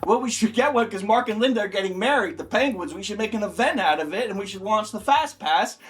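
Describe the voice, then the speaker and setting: A man playing an emotional male clown employee in an improvised comedy sketch, rambling on and bursting into shouted bits. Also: sits high, lively intonation, fast, soft background music.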